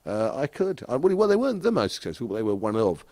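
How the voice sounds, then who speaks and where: A man's voice: medium pitch, sing-song, quick pace, a little mellow, dry recording. A middle-aged man from England, telling rambling anecdotes with frequent chuckles as a podcast guest in casual chat. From southeast England.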